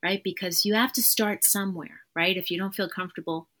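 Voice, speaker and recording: A woman's voice: lowish voice, fairly even intonation, fairly quick, fairly bright tone. A woman therapist, a podcast guest, talking in an earnest, emphatic way and repeating her key phrases. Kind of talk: conversational interview.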